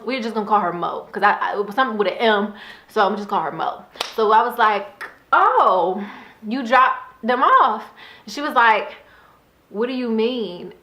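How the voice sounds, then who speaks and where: Bright-voiced woman telling a story. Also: medium pitch, roomy sound. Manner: animated, laughing storyteller. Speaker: vlogger. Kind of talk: casual storytime.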